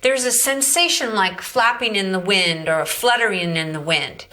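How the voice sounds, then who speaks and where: A woman vocal coach gives an instructional demonstration, explaining step by step in a clear, bright voice and coaxing her student to repeat each sound. Directive in manner, she demonstrates growls. Her pitch sits mid-range for a woman, at a normal speed.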